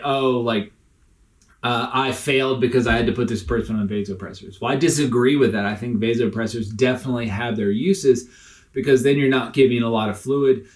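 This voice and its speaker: A man's voice: mid-range voice, darkish tone. A man explaining critical care medicine in a recorded lecture over slides, casual and explanatory, with frequent fillers.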